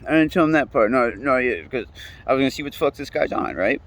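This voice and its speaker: A man's voice: mid-range voice, animated, fast talker, a bit bright. A young man telling his own story in a casual rant, swearing often, repeating himself and trailing off mid-sentence. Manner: profane, rambling, repeats himself.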